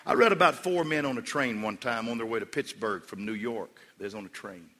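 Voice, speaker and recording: A man preaching a sermon as pastor, moving between hushed storytelling and loud, emphatic calls to the congregation. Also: mid-range voice, brisk, a little hiss or hum. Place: church sanctuary. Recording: long hall reverb.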